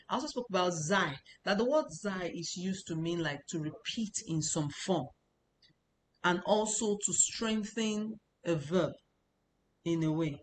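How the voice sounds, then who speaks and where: A woman's voice: lowish voice, slight background noise. A woman teaching a language lesson, explaining patiently and repeating points with casual fillers.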